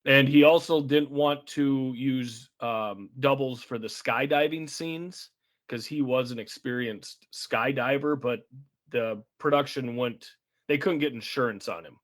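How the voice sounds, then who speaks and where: A man co-hosting a podcast, recapping a film's plot in a relaxed, chatty way with an occasional chuckle. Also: mid-range voice, a little slow. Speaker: podcast co-host. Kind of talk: casual chat.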